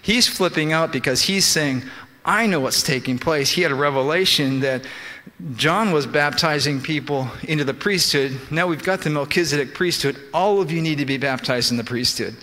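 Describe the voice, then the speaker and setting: A man's voice: fairly high pitch, normal speed, pushed and bright. A man preaching a sermon, explaining scripture in restarting bursts and quoting the figures he talks about. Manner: explains scripture with many restarts and quoted speech. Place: church sanctuary. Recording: long church reverb.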